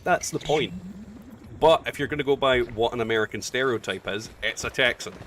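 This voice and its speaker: A man's voice: mid-range voice, a little fast. Chatty man streaming a game. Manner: chatty, blunt and profane, reading chat aloud. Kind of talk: casual live-stream chat while gaming. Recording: distant mic with loud game noise.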